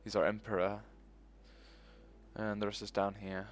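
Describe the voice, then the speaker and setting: A man's voice: lowish voice, flat delivery, moderate pace, a little hiss or hum. A young man commentating his own strategy game playthrough, rambling and swearing often. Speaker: let's play host. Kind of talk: gaming commentary.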